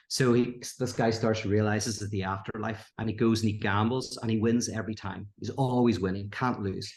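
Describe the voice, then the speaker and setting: Animated man, roomy sound. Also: fairly quick. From Northern Ireland. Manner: animated, acts out quoted characters with rising pitch. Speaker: podcast guest. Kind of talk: storytelling in casual conversation. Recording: roomy echo.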